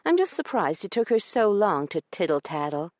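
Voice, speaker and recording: A man voicing Io, an impulsive, sharp-tongued young woman who exclaims her words high and fast. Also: big pitch swings, dry recording, clean studio sound. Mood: exasperated.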